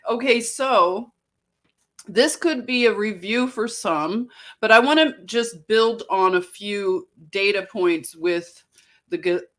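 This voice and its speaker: Unhurried American woman host, mid-pitched, warm with her chat, restarts her sentences often. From United States. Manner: greets viewers by name, chatty and affectionate; unhurried, restarts and self-corrections. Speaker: livestream host. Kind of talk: casual livestream commentary.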